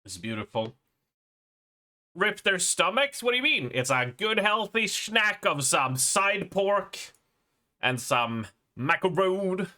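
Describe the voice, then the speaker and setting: A man's voice: fairly high pitch, sharp tone. A young adult Swedish man with a Swedish accent, casually chatting and laughing as he reacts on a live game stream, often stumbling over words. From Sweden.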